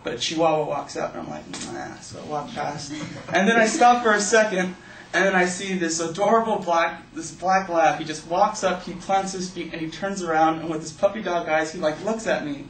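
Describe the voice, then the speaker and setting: A man's voice: fairly high pitch, fairly quick, a bit bright. A young man telling a personal story as a speech to an audience, in a loose, casual way full of "like" and "you know". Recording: echoey room, distant mic, faint hiss.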